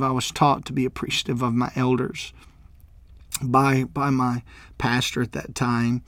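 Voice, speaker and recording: Halting, emotional man from Mississippi. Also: medium pitch, a bit bright, dry recording. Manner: halting, many fillers and restarts; emotional, tearful at times. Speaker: minister. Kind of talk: personal testimony.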